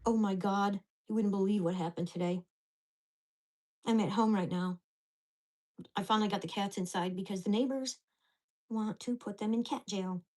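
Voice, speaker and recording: A woman's voice: mid-range voice, fairly even intonation, moderate pace, long pauses, darkish tone. A woman vlogger at home, venting angrily and swearing about her neighbors. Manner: ranting, profane, indignant. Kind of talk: angry venting vlog.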